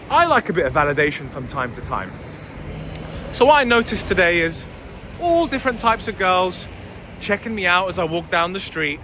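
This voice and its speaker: Brief: blunt young male vlogger, lively swooping delivery, slightly high voice, faint street traffic behind. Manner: blunt, opinionated, swears. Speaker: dating and life coach. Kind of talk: casual vlog monologue.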